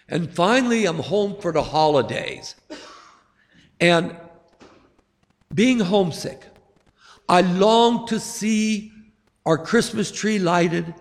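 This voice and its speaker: A middle-aged man preaching a sermon to a congregation, slow and emphatic with dramatic pauses. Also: high-pitched. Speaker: pastor. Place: church sanctuary. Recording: long hall reverb.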